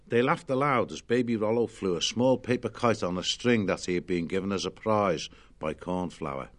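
A man narrating a children's storybook in a lively, expressive way. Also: on the low side, moderate pace.

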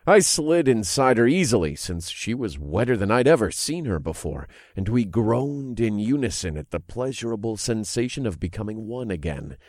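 A man reads a first-person adult audiobook in a low voice that moves a lot in pitch. His delivery is animated and tells the story with energy. The recording is close and dry. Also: moderate pace, hardly any pauses, no echo. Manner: expressive, animated reading that builds in intensity. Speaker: audiobook narrator. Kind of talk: first-person scripted narration.

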